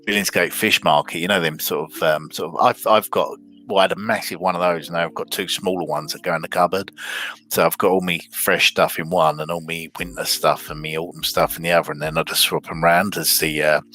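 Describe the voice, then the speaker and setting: A man's voice: low-pitched, fairly even intonation, fairly quick, sharp tone, faint music behind. A middle-aged man, chatting casually as a co-host, rambling with many restarts and fillers. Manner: rambling, lots of restarts and ums. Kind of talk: casual chat.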